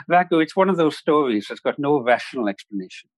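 A man, a podcast guest telling a story in a reflective, measured way. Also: a little high, expressive, no room sound, poor audio. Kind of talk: storytelling in a conversation.

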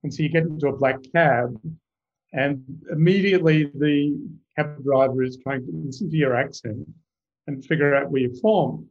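A man with an Australian accent, a guest in an interview, telling stories in a relaxed, measured way. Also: a little high, lo-fi sound. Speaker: guest, company CEO. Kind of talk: casual interview chat.

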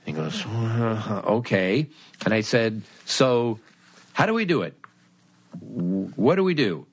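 A man's voice: on the low side, animated, slow, slightly rough, no echo. A middle-aged man hosting a podcast, telling a wry story about himself and acting out both sides of the conversation. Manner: wry, self-mocking. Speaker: podcast host. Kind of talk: storytelling monologue.

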